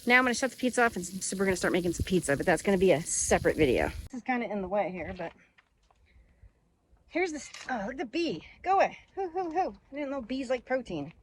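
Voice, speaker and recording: A woman's voice: medium pitch, sing-song, fast, slight background noise, rough recording. A woman hosting a casual cooking vlog outdoors, chatting and thinking aloud as she cooks. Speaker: cooking vlogger. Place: outdoors by a camper.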